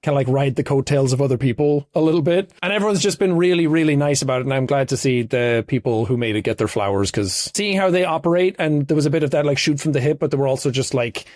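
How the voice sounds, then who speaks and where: A man's voice: mid-range voice, fast talker, hardly any pauses, a little mellow, no echo, studio quality. An Irish man in his thirties, a guest in a casual interview, talking openly and thoughtfully at length. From Ireland. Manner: reflective, talks openly and at length.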